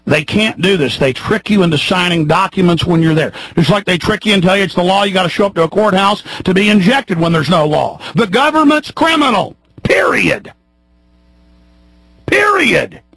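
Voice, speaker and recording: A radio talk show host in his thirties delivering a heated, fiery monologue, swinging between shouts and low mutters. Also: fairly quick, hardly any pauses, breathy edge, dry recording, rough recording. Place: radio studio.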